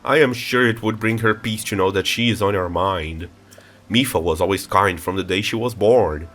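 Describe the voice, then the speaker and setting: A man with a stuffy nose voicing a gentle, regal old fish-folk king in a game playthrough. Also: fairly low pitch, moderate pace. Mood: solemn.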